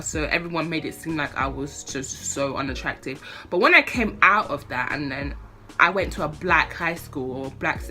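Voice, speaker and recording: A woman's voice: mid-range voice, pushed and bright. Fired-up young woman ranting to camera. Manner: impassioned, swearing, fired-up ranting. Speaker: vlogger. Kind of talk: casual opinion rant to camera.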